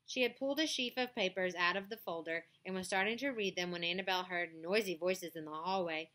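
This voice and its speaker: Bright-voiced woman reading kids' chapter book, plain and gentle. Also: fairly low pitch, a little fast. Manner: plain, gentle storybook reading with casual asides. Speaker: storyteller reading aloud.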